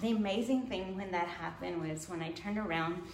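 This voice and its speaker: A woman's voice: lowish voice, moderate pace, darkish tone. A woman telling a personal faith story in casual conversation, laughing often and acting out her own past thoughts. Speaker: guest. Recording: echoey room, faint noise.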